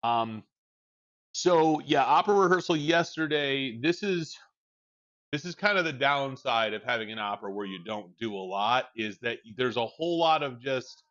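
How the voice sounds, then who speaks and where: Through a muffled recording, a man with a medium-pitched, fairly bright voice and lively intonation chats at normal speed while livestreaming. He's at home with a young child, rambling candidly and swearing freely into a desk mic.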